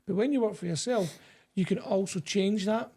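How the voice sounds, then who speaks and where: Man, high voice, husky, podcast co-host, reassuring, long running sentences. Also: moderate pace, warm tone. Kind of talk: casual business podcast chat.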